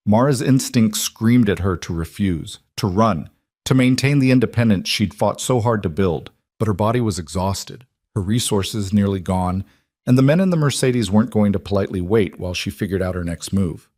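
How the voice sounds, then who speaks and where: A man narrates a scripted romance story, measured and dramatic. His voice is on the low side with a darkish tone, and the sound is dry and close with no room sound.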